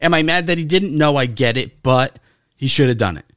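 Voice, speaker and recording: A male podcast co-host talking sports in an animated, emphatic way, swearing as he goes. His voice sits at a middle pitch. It is recorded close and dry, with no room sound. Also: a little fast, clean tone, no room sound. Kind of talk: casual sports chat.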